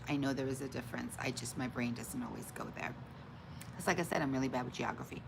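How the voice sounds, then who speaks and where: A woman with a low voice chats casually on her live stream, greeting viewers by name and answering their comments. She pokes fun at herself when she forgets things, and a faint hiss of noise sits under her voice. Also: creaky, a bit bright, low-quality recording. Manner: self-deprecating, laughs at her own forgetfulness. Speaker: livestream host.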